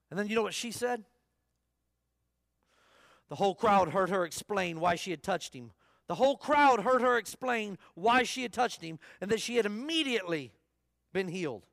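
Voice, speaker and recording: A man with a notably high voice preaches to a full church in a casual, conversational way. He asks the congregation questions and circles back to repeat his key phrases. The sound is dry and close, with little room echo. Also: lively intonation, normal speed, vocal fry, a bit bright. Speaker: pastor. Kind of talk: sermon. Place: church service.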